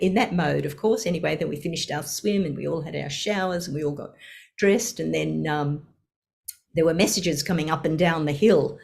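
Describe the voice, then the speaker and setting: A woman's voice: deep voice, fairly quick, creaky, darkish tone. An older woman sharing a personal story, laughing often and acting out the voices in her quotes.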